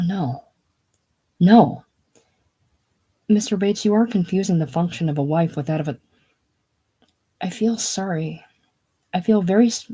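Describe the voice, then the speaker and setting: A reader doing a sweet young Texas wife, drawling softly and speaking with prim dignity. She stays earnest and proper. The voice sits at a middling pitch. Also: close to an everyday voice. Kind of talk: casual solo play reading.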